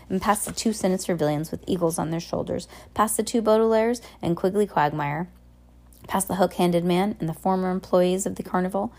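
A woman reading a novel aloud in a plain, unhurried storytelling manner. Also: on the low side, gravelly, darkish tone. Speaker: reader.

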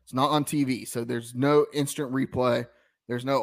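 Southern male podcast co-host, casual, rambling storyteller, mid-pitched. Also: normal speed, vocal fry. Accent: Southern American. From American South. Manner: rambling, many restarts, animated storytelling. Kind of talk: casual sports chat.

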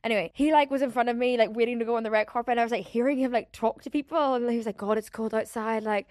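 A woman's voice: on the high side, fairly even intonation, rapid-fire, darkish tone, dry recording, studio quality. A young woman hosting her own podcast, chatting in a rambling, casual way full of "like" fillers and the odd swear word. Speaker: podcast host. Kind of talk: casual solo podcast chat.

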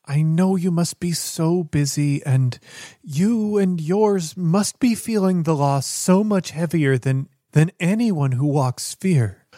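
A man's voice: sits high, mellow, no room sound, clean studio sound, pitched above the performer's own voice. A man voicing a devout, earnest woman priest who speaks with reverent fervor. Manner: reverent, fervent.

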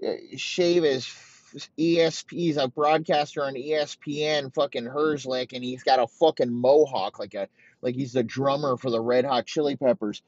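Brief: a male sports-show host ranting and cursing at length; he rambles, his pitch is middling, and the recording sounds dull and lo-fi. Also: fairly even intonation, normal speed, darkish tone, no room sound. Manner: rambling, heavy swearing. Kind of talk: profane sports rant.

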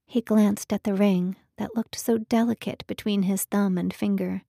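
Woman narrator, audiobook reading, measured delivery, dry close mic sound. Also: medium pitch, steady tone, gravelly, mellow, no echo. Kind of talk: scripted narration.

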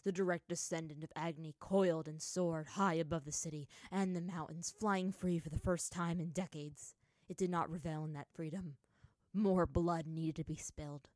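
A woman with a low voice reads a story aloud in a dramatic storytelling manner. The sound is dry and close, with no room around it. Her delivery builds in force during action passages. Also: steady tone, moderate pace, darkish tone, no room sound. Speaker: narrator. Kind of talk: reading fan fiction aloud.

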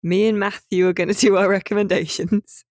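An easygoing podcast host who steers the conversation with relaxed, informal phrasing. The sound is close and dry, with almost no room reflection. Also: medium pitch, fairly quick, dry recording. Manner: easygoing, wraps up segments. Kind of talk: casual podcast hosting.

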